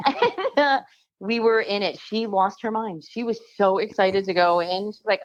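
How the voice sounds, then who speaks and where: A woman's voice: medium pitch, a little slow, dry recording, lo-fi sound. A woman with a southern central New Jersey accent, a podcast guest chatting casually, laughing often and swearing playfully. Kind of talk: casual chat.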